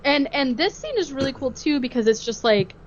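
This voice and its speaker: A woman's voice: high voice, animated, fairly quick, highs cut off, crowd noise. A woman hosting a podcast, recapping a film in casual chat, full of "like" fillers and easy laughs. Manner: chatty, filler-heavy, laughs easily. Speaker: podcast host.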